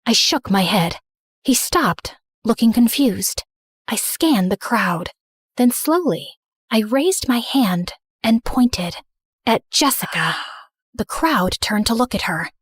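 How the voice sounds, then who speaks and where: Woman, first-person story narrator; a bit high, earnest, dry close recording. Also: expressive, takes it slowly, breathy edge, no room sound.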